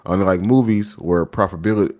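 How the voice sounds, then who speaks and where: Low-ish voiced guy reading an article out on a podcast, steady and measured. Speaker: podcast co-host. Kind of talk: reading a news article aloud.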